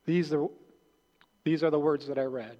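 A man's voice: dark tone, lo-fi sound. Earnest preaching man in reverberant hall. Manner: earnest, halting with repeated restarts, drops low at phrase ends. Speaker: pastor. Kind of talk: sermon. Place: church sanctuary.

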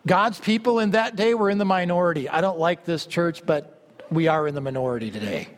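Fervent preacher man in a reverberant hall. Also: a little fast. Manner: fervent, swings from loud exclamations to low asides. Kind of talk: sermon.

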